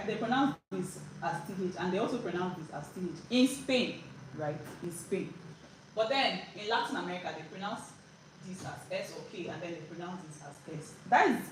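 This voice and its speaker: A woman giving a casual spoken language lesson, chatty, with frequent "like" and "right?" and many restarts. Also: lowish voice. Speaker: language teacher. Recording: roomy echo, distant mic, faint background noise.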